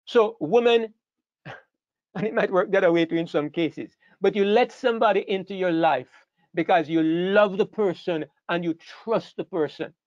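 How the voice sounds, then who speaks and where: A man's voice: sits high, moderate pace, no echo. A man preaching a sermon, emphatic and repetitive, asking questions and answering them himself. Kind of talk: sermon lecture. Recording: dull lo-fi sound, dry.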